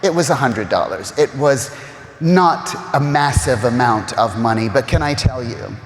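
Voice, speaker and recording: A man's voice: medium pitch, lively intonation, moderate pace, faint music behind. Heartfelt man with fillers, echoing hall. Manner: heartfelt, choked up at times, many "you know" fillers. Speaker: interview guest, real estate agent. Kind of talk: emotional conversational storytelling. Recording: roomy reverberant hall.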